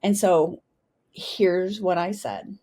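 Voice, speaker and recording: A retired Army pilot from the United States, a middle-aged woman, tells her story as an interview guest. Her voice is lowish and dark-toned, she speaks slowly, and she often asks "right?"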